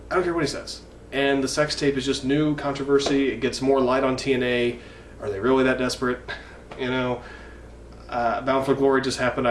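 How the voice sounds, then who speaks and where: A man's voice: medium pitch, far from the mic. Profane ranting young man vlogging. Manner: profane, indignant, rambling. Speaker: wrestling fan vlogger. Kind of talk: ranting vlog. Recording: echoey room, mic from afar, faint noise.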